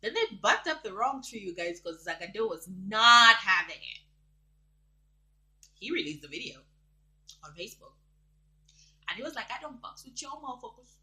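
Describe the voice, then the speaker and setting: A young woman from Zambia with a bright, forceful voice, giving casual gossip commentary. She talks in an animated, dramatic way and laughs often. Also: mid-range voice, moderate pace, long pauses, poor audio. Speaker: vlogger.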